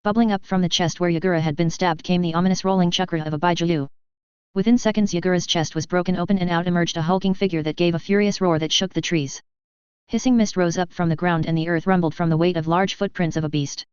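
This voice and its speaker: A reader narrating a first-person fan fiction story aloud in a brisk, even storytelling read. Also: mid-range voice, clean tone, no echo. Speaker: audiobook reader. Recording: dull lo-fi recording.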